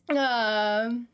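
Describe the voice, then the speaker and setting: A woman's voice: on the high side, fairly bright tone, clear, resonant tone. A young woman streamer rambling casually to her chat, giggling often and easily flustered. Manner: rambling, giggly and self-conscious. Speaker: game streamer. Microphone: desktop streaming mic, no camera.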